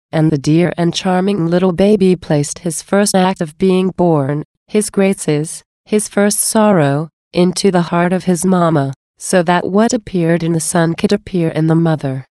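A woman giving a slow, reverent devotional reading of a religious text. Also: lowish voice, warm tone, no echo, clean studio sound. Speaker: reader. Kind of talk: devotional scripture-style reading.

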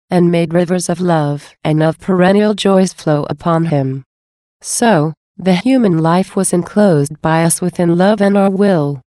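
A woman's voice: on the low side, dark tone, dry recording, studio quality, lightly acted. A tender, solemn divine man, as a woman reads him. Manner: earnest devotional reading. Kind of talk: devotional reading aloud.

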